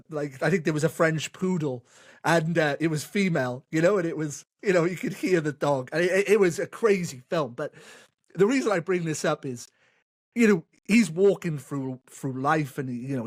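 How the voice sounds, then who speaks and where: A man hosting an interview, chatting casually and rambling through an anecdote with many fillers. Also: fairly high pitch. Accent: non-American. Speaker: podcast host.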